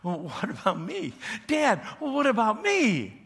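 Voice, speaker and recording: A man voicing a grown son who calls out high and loud, pleading with his father in a sermon retelling. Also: wildly swooping pitch, slow pace, vocal fry, breathy edge, full character voice.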